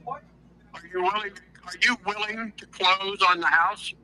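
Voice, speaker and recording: Bright-voiced guy selling his house, blunt and suspicious, straight to the point. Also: high voice, fairly even intonation, a little slow, slight background noise, poor audio. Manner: blunt and wary, cuts straight to terms. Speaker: home seller on the phone.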